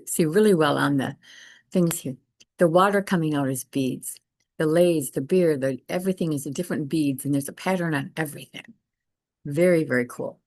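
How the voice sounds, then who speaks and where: A woman art teacher giving a casual lecture over slides, enthusiastic and quick to repeat herself. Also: sits low, darkish tone, no room sound.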